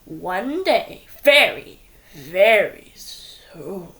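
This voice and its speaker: A woman voicing a mean, sour old male school principal in a storybook reading, drawing out a slow threat. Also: mid-range voice, sing-song, a bit bright, heavily acted. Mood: menacing.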